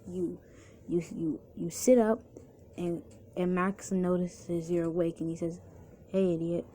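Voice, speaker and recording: A woman's voice: fairly low pitch, steady tone, unhurried, dark tone. A woman narrating a second-person fan story casually, with restarts and chatty asides.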